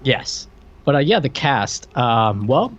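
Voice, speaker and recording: Podcast co-host guy, mid-pitch, hesitant wry chat, kinda muffled lo-fi mic. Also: very animated, slow, fairly bright tone. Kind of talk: casual chat.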